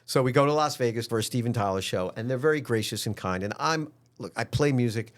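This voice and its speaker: A man's voice: mid-range voice, fast talker. Chatty man telling a story. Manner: animated storyteller who often asks "right?" and "you know what I mean?". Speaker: guest musician. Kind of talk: casual storytelling in an interview.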